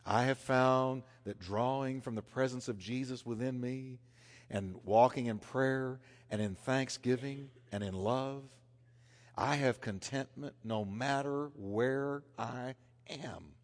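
A man preaching a sermon, swinging between loud emphasis and hushed, intense passages. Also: medium pitch, takes it slowly. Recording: long hall reverb.

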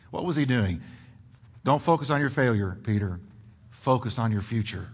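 A middle-aged man preaching as a pastor, with sweeping swings in pitch and emphatic build-ups. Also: moderate pace. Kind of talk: sermon. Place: church sanctuary.

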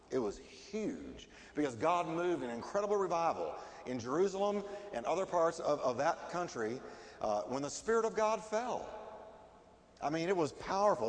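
A middle-aged male pastor preaches with lively, swinging pitch in a fairly high voice. He talks emphatically and keeps asking his listeners rhetorical questions. A long hall reverb trails behind every phrase. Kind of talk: sermon.

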